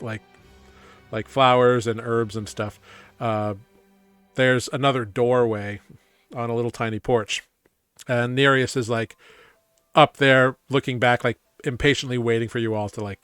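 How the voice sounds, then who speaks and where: A man's voice: mid-range voice, fairly bright tone, smooth, no echo. A man narrating a tabletop game as game master, casual and rambling with many fillers.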